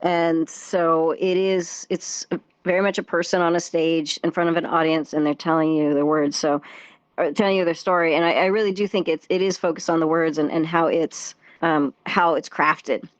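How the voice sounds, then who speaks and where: A woman's voice: low voice, steady tone, normal speed, no room sound. A woman guest on a casual podcast interview, a theatre performer and dance teacher, talking in a chatty way with frequent laughs, fillers and restarts. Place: virtual reality social world voice chat.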